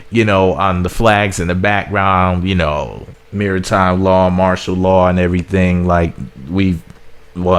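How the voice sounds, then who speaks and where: A man from the United States delivering blunt, sarcastic political commentary as a vlog host, often repeating himself. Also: sits low. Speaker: commentary vlogger.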